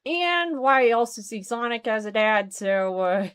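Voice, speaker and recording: A woman's voice: a little high, lively intonation, measured pace, a bit bright, smooth. A woman streaming a game, chatting casually and exclaiming as she plays. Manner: chatty, exclaims and reacts aloud. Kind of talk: casual let's-play chat.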